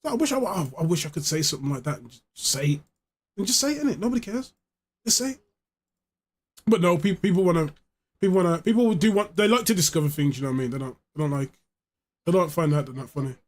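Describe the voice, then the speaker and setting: A man's voice: fairly high pitch, animated, fast talker. A man streaming live, chatting casually in a rambling, joking way, swearing freely. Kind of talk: casual chat.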